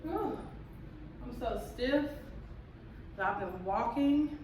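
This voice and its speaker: A woman telling her story in a chatty, animated home vlog, talking straight to her viewers. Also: a little high, very slow, slight background noise. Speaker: vlogger. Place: home, indoors.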